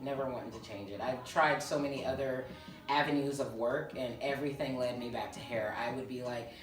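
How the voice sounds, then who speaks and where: Laid-back low-voiced woman from Georgia. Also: a little fast, soft background music. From Georgia, US South. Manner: laid-back, chatty storyteller, laughs often. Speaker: hairstylist and salon owner, co-host. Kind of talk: casual chat. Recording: roomy, from a distance.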